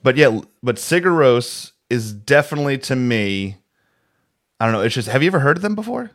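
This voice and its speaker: A man's voice: medium pitch, animated, a little fast, fairly bright tone. A man co-hosting a casual podcast chat over a video call, rambling with many restarts. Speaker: podcast co-host.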